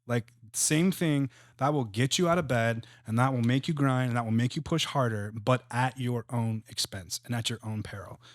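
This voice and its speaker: A man in his thirties talks through ideas in a relaxed podcast chat. He sounds earnest and reflective, his voice sits in a middle register, and the recording is close and dry. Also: medium pitch, normal speed, few pauses, no room sound. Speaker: guest, real estate entrepreneur. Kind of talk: casual podcast conversation.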